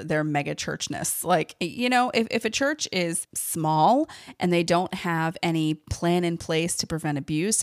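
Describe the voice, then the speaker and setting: Woman podcast host, somewhat low voice, frank and emphatic, casual delivery, dry close sound. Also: no echo. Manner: candid, emphatic, uses many fillers. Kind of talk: casual solo podcast commentary.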